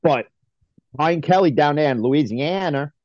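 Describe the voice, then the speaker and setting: A man's voice: on the high side, lively intonation, a little slow, darkish tone, no echo. A man co-hosting a sports podcast, talking casually and ranting heatedly with swearing. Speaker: podcast co-host. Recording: dry, dull lo-fi mic.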